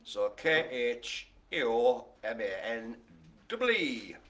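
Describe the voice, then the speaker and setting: A man's voice: mid-range voice, sing-song, slow, a bit bright. A man hosting a live-streamed bingo game, joking and playing the showman as he calls out each item. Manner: jokey, playful, showman-like. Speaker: bingo caller and host.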